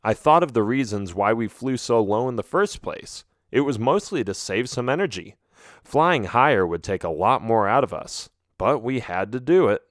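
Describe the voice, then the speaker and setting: A man narrating a children's audiobook in an expressive, first-person storytelling manner. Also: medium pitch, moderate pace, no echo, clean studio sound.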